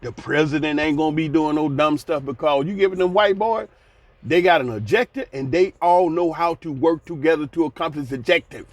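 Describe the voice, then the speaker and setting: Man in his sixties, slightly high voice, blunt folksy rant, sighing, casual commentary. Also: fairly quick, dry recording. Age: 60s.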